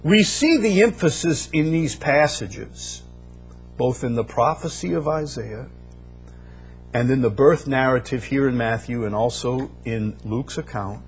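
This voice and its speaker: A man's voice: mid-range voice, measured pace. Emphatic preacher man, faint music. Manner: emphatic preaching with repeated phrases and rising bursts. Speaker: pastor. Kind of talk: sermon.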